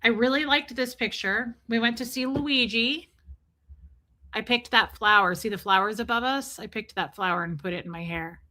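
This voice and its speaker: This middle-aged livestream host has a fairly high, bright, forceful voice and talks at a normal pace. Her casual chat is full of rambling stories, and she reads viewer comments aloud to answer them.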